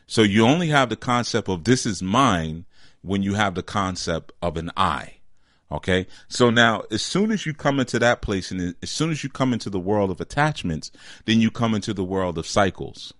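A man giving an informal spiritual teaching, conversational and deliberate, often checking in with "you see?" and slowing down to stress key words. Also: on the low side, lively intonation, fairly bright tone, no room sound, studio quality.

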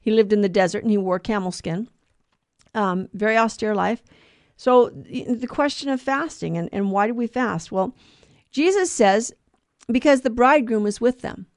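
A woman's voice: mid-range voice, moderate pace, dry recording, studio quality. A woman co-hosting a podcast, explaining a gospel reading in casual chat, digressing and correcting herself as she goes. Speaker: podcast co-host teaching scripture.

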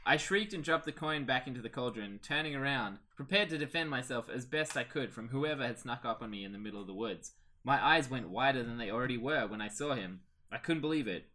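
A man reading a story aloud to friends in a lively, animated way. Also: medium pitch, fairly quick. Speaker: reader of the story.

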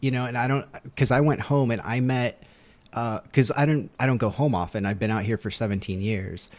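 A man speaking reflectively with halting restarts in a candid conversation. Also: mid-range voice, a little mellow.

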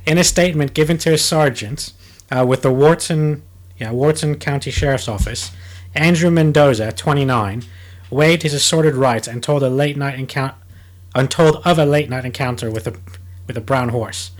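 Man reading news aloud, halting. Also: mid-range voice. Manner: halting reading, many fillers, breaks into laughter. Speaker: podcast host reading out a news story. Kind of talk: casual comedic chat.

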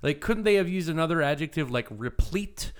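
A man's voice: on the high side, expressive, fairly quick, clear, resonant tone. A man co-hosting a casual podcast, talking in a playful, nerdy way and posing quiz-style questions. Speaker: podcast co-host.

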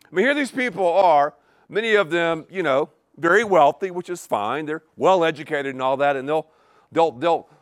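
A pastor preaches a sermon in a fairly high, animated voice at a moderate pace, repeating key words for emphasis and putting rhetorical questions to the congregation. The recording is clean studio sound with no room noise.

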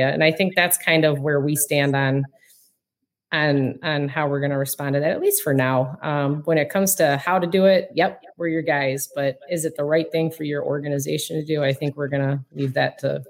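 Woman with a real low voice, rambly casual chat, lots of ums. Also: steady tone, normal speed. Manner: rambling, many restarts and ums.

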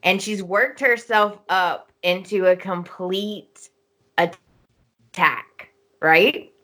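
A woman co-hosting a podcast, retelling a soap opera's plot at length in an animated, casual way. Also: mid-range voice, drawn-out words. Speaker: podcast co-host.

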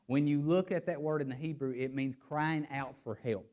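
A man's voice: a little high, moderate pace, muffled recording. A man preaching a sermon and reading scripture aloud. He swings his emphasis up and down and repeats words as he thinks aloud. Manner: animated, rising and falling emphasis.

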